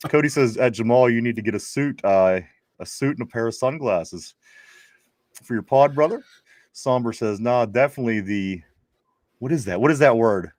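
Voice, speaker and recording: A chatty host, reading viewer comments aloud for a casual sports talk show. His voice sits at a middling pitch for a man and often stumbles into restarts. The sound is dry and close. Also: lively intonation, moderate pace, long pauses, darkish tone, no echo. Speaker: podcast host.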